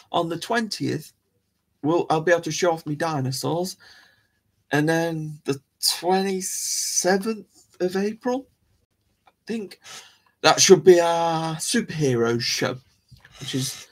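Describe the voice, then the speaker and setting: Rambling male host, husky tone, casual and self-deprecating. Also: on the high side. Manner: rambling, chatty, self-mocking. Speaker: live show host. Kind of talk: casual live-stream chat.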